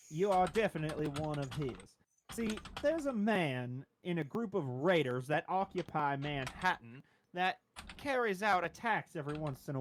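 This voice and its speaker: Man voicing a perky woman shopkeeper, high lively voice, chipper patter, tabletop game, faint typing behind. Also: a little hiss or hum. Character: cheerful woman arms shopkeeper, big poofy hair.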